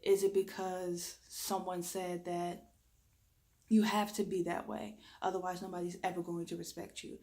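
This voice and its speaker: A woman's voice: fairly low pitch, flat delivery, moderate pace, mellow. A woman reiki practitioner giving an emphatic spiritual guidance talk, repeating her points like a coach. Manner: emphatic, repetitive coaching with laughs.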